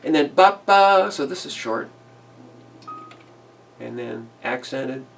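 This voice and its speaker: A man teaching big band arranging in a casual tutorial, relaxed, chuckling now and then and singing phrases as "ba da da". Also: medium pitch, slow, gravelly, husky, far from the mic. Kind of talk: casual screen-recorded tutorial.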